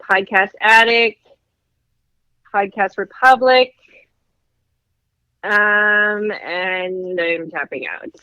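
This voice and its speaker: A woman's voice: mid-range voice, extremely slow, long pauses, clean tone, no room sound, highs cut off. A woman co-hosting a podcast with a sore throat while she recovers from an illness, reciting answers from memory. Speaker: podcast co-host. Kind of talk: casual podcast chat.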